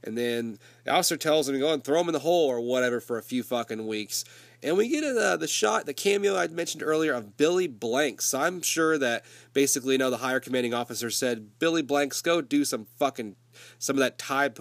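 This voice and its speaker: A man's voice: mid-range voice, animated, a little fast, vocal fry, no echo. A man with a summer cold recapping a movie in loose, profane, conversational storytelling.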